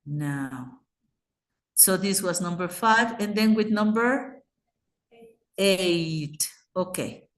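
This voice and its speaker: A woman's voice: on the low side, expressive, drawn-out words, pauses often, reverberant. A woman with a Mexican Spanish accent teaching English grammar in an online class, patiently explaining and checking in with her students.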